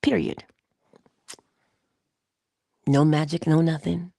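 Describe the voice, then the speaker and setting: A woman's voice: low voice, lively intonation, unhurried, pauses often, a little mellow, no echo, studio quality. A middle-aged woman hosting a casual inspirational morning talk, dropping into whispers for emphasis and laughing often as she tells a story. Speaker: host of a morning inspiration show.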